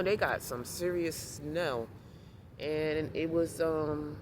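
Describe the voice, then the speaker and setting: A woman vlogging in casual talk, rambling and repeating reassurances to herself. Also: lowish voice. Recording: noisy outdoor street recording.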